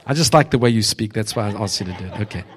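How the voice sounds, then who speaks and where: In a lowish, rapid-fire voice, a man preaches as a visiting speaker to a church congregation. His sermon is humorous and prophetic; he exhorts the listeners, addresses them directly and often laughs.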